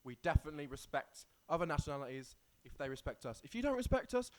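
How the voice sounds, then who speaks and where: A man co-hosting a casual podcast who giggles and blurts out remarks, dropping to mumbles between louder outbursts. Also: on the high side, sing-song, quick pace, background noise. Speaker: podcast co-host. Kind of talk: casual chat.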